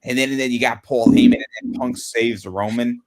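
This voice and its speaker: A man co-hosts a casual wrestling chat in an excitable way, repeating words as he rushes through stories. His voice sits at a middle pitch. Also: a crowd in the background. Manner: excitable, stammering restarts, laughs at own stories. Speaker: podcast co-host.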